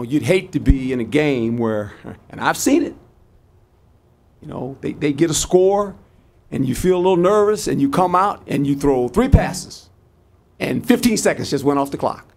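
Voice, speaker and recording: A man's voice: fairly high pitch, creaky. An older man in his sixties, a head football coach answering press conference questions in a folksy, repetitive way, acting out his sideline exchanges.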